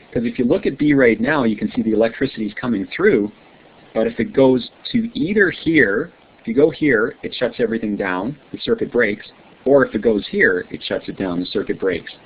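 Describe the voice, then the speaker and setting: A man's voice: mid-range voice, slightly rough. A male teacher giving an online science lesson, quizzing his students in a friendly way and often checking with "right?". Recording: tinny lo-fi line with faint hiss.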